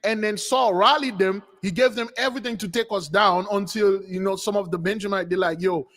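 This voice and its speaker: A man with a high voice preaches through a story, animated and acting out its people. His voice carries a long, hall-like reverb. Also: a little fast. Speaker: spiritual teacher. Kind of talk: storytelling sermon.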